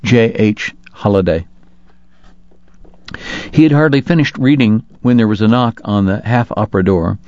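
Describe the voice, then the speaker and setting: A man reading an audiobook in a measured, even way. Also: mid-range voice, no room sound. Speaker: narrator. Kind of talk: audiobook narration. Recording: dull lo-fi dry recording.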